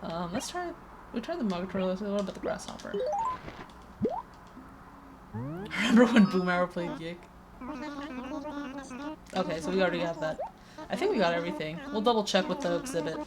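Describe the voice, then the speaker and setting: Chatty streamer, slight Spanish accent. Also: female voice, fairly low pitch, animated, brisk, pauses often, heavy background noise. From Peru. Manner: over-enunciates consonants; chatty, rambling, many restarts. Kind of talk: casual game-stream chat. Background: faint game music.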